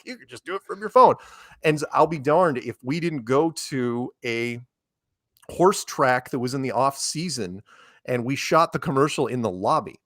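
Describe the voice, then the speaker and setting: A man's voice: mid-range voice, fairly bright tone, dry recording, studio quality. A man chatting as a guest over a call, rambling and quoting people as he tells a story. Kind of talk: casual chat.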